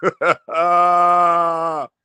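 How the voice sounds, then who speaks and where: A man hosting a casual boxing commentary stream, heated and animated, often repeating himself and breaking into near-shouts. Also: sits high, drawn-out words, clean tone, dry recording. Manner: many restarts and repeated fillers.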